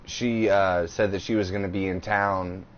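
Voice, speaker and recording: A man's voice: sits low, steady tone, moderate pace. A man in his thirties co-hosting a podcast, telling a crude, rambling story in casual chat. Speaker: podcast co-host. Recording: slightly dull podcast audio with faint hiss.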